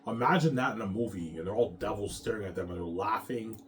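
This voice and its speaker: A male author talking in a casual monologue, animated, often stumbling and restarting his sentences. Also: lowish voice, fast talker, slight background noise. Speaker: author and vlogger.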